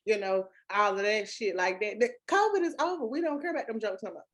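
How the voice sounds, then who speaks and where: Animated Southern woman, slangy chat. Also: medium pitch, fast talker. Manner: animated, loud and emphatic, slangy. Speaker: podcast co-host. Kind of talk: casual chat.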